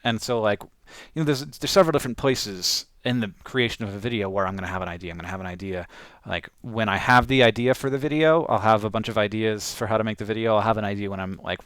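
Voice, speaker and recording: Low, smooth-voiced man chatting casually. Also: a bit bright, dry recording. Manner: rambling, chatty, lots of fillers and restarts. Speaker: vlogger editing his own video. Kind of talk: casual talk-through while editing.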